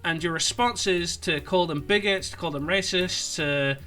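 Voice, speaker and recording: Brit guy ranting sarcastically, kinda high bright voice, light music behind. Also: normal speed. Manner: sarcastic, mocking, rambling. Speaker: political commentator. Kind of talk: online commentary video.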